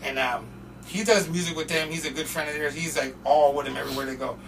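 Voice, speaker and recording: A man from Portland, Oregon, telling a story as a podcast guest in an animated, profane way. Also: fairly high pitch, quick pace, recorded from a distance, slight background noise, low-quality recording. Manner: animated and profane, acting out quotes. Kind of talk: casual storytelling.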